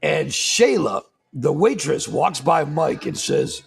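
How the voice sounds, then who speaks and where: A man hosting a live show from a roadside bar, loud and hyped, joking about being bad with names. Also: a little high, very animated, takes it slowly, vocal fry, slightly rough. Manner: hyped, rowdy and self-deprecating.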